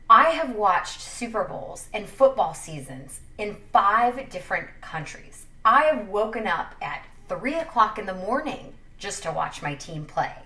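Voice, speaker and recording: Lively, sassy sports-talk woman. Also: medium pitch, unhurried, far from the mic. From Wyoming. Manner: sassy, animated, jokey. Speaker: sports commentator. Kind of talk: casual opinion vlog. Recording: echoey room, a little off-mic.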